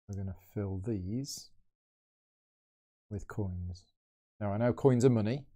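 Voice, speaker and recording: A man's voice: lowish voice, warm tone. A man hosting a live solo board game playthrough, chatting and thinking aloud as he moves pieces. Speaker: board game channel host.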